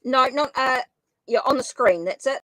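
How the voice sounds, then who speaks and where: Woman doing a tarot livestream, kinda high voice, dry close mic, keeps saying sorry while she types. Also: moderate pace, sharp tone, no room sound, low-quality recording. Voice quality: says she has a funny accent. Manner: flustered, apologetic, thinks aloud while typing names. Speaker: tarot reader hosting a live stream. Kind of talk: casual live-stream chat.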